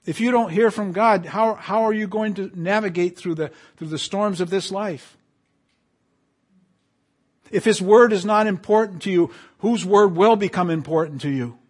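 A man's voice: sits high, normal speed. Man preaching a sermon, rising and falling. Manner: preaching with swells and drops in loudness, quoting scripture emphatically. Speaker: pastor.

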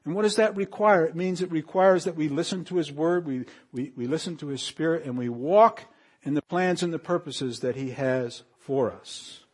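A pastor preaching a sermon, reading scripture aloud and swinging between hushed lines and raised, emphatic passages. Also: male voice, a little high, normal speed.

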